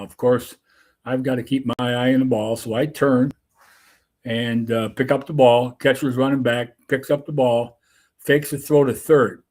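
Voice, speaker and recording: A man who works as a softball umpire, telling a rambling anecdote full of restarts and asides. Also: medium pitch. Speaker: softball umpire and show host. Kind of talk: casual storytelling.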